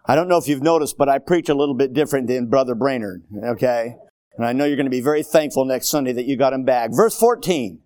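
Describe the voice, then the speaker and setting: A man's voice: fast talker, no room sound. Fiery preacher man with a dry sound. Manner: swings from low, quiet asides to loud, high shouted exhortation; repetitive, rousing, sports-laced preaching. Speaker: guest preacher. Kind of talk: sermon.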